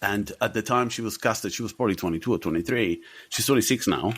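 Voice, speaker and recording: A man with a mixed accent shaped by Italy, South America and Australia hosts a casual podcast about films. His voice sits on the low side, and he rambles, laughs and swears freely. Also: quick pace, fairly bright tone, a little hiss or hum. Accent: mixed Italian, South American and Australian. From born in South America, Italian. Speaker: podcast host. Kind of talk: casual film chat.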